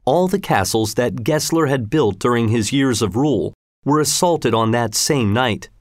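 A man narrating a children's history story in a measured, expressive reading. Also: mid-range voice, no echo, clean studio sound.

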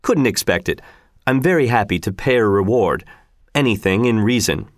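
A man voicing a rough, wary male sailor who talks bluntly and plainly. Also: lowish voice, animated, normal speed, no echo, clean studio sound. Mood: eager.

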